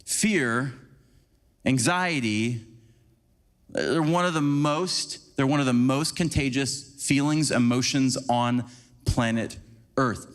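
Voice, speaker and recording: A man's voice: mid-range voice, slow, long pauses. A man preaching in a reverberant hall. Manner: conversational, animated, acts out scenes. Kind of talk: sermon. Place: church sanctuary. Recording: long church hall reverb.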